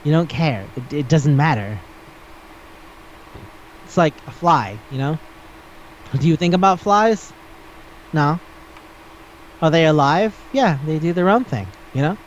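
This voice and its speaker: A podcast host in loose, casual chat, a man who circles back over his words and swears offhandedly. His voice sits a touch higher than most men's, and the recording is a little dull with faint hiss underneath. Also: expressive, a little slow, long pauses.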